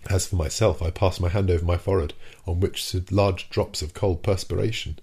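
A man reading a first-person classic novel aloud in a measured, formal way. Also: low voice, expressive, a little mellow, husky. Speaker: audiobook narrator. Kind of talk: first-person audiobook narration.

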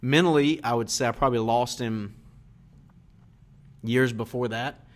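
Halting man talking through his answers. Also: mid-range voice. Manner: halting, searching for words, many fillers. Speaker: guest, church minister. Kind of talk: casual interview chat.

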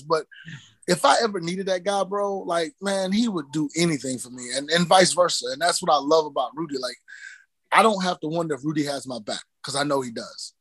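A man telling stories as a guest in a casual interview, lively and profane, acting out the voices of people he quotes. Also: high-pitched, a little fast, no room sound. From New Mexico. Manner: animated, swearing, acts out quoted voices.

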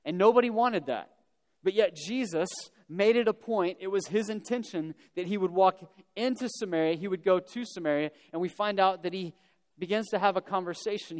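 Pastor guy preaching, kinda high voice, chatty jokey storytelling, long hall echo. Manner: conversational storytelling with casual humorous asides. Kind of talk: sermon. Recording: long reverb of a large hall.

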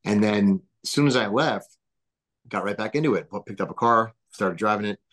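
Male guest, 30s, low voice, casual and filler-heavy, animated storyteller. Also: normal speed. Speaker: podcast guest, business founder.

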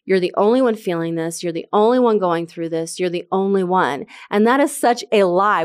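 A woman's voice: mid-range voice, normal speed, hardly any pauses, no echo, clean studio sound. Earnest woman preaching a sermon. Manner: earnest, emphatic, repeats phrases for stress. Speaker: pastor.

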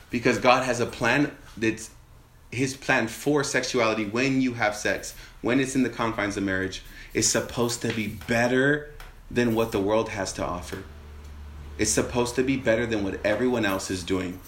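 A man preaching a sermon in an animated way, asking rhetorical questions and acting out quoted voices. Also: mid-range voice, echoey room.

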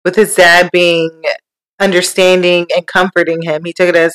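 A woman co-hosting a casual podcast chat, relaxed and adding short agreeing remarks. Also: lowish voice, moderate pace, clean tone. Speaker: podcast co-host.

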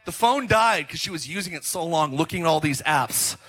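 A middle-aged man preaching a sermon as pastor, telling stories in an animated, joking way. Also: a little high, fairly quick, breathy edge. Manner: animated, joking storytelling with laughs.

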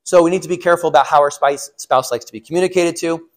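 With a fairly high voice and a quick pace, this middle-aged man, a pastor or class teacher, talks marriage with a class in a casual sermon. His chatty style includes laughing at his own stories and questioning the listeners.

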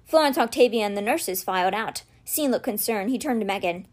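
A woman reading a children's novel aloud in a steady, gentle storytelling manner. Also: mid-range voice, fairly quick, hardly any pauses. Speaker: read-aloud podcast host.

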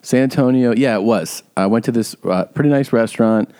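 A man's voice: medium pitch, a little fast, dark tone, smooth. A man hosting a podcast, telling loose, rambling stories with casual swearing. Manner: loose, rambling, profane storytelling. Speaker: podcast host.

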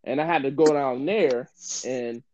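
A man co-hosting a podcast, telling a story in relaxed, slangy casual talk. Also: mid-range voice, measured pace, lo-fi sound, a crowd in the background. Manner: laid-back, slangy storytelling. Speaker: podcast co-host.

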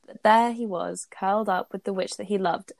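A woman's voice: medium pitch, normal speed, gravelly, no echo. A woman co-hosting a casual chat, reading a story aloud and commenting bluntly with plenty of swearing. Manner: animated, blunt, swears freely.

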